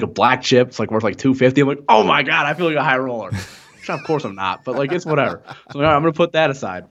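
A young man spins a long tale on a casual podcast. He rambles, swears freely and laughs often. The recording sounds slightly muffled and lo-fi. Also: mid-range voice. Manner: rambling, profane, laughing storyteller. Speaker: podcast co-host. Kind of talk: casual storytelling chat.

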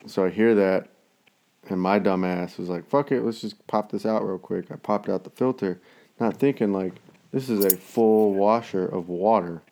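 A man's voice: fairly low pitch, moderate pace, warm tone. A man in casual chat, rambling through everyday stories and swearing constantly.

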